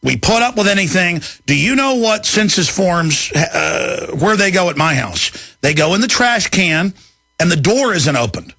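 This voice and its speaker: A man, hosting a talk radio show in an angry, emphatic rant that climbs into shouting. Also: high-pitched, big pitch swings, unhurried, no echo, clean studio sound. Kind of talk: ranting talk radio monologue.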